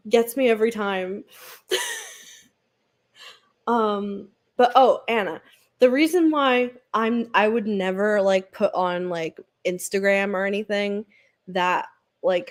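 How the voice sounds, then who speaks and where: A booktube host with a medium-pitched voice chats casually on a read-along livestream, taking her time. She rambles, fills gaps with lots of fillers, and giggles often.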